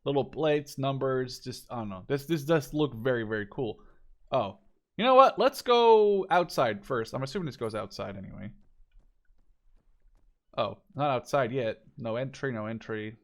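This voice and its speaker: A man's voice: mid-range voice, animated, normal speed. A young man, not a native English speaker, giving a casual, chatty walkthrough of a video game, full of fillers and self-corrections. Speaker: gameplay video creator.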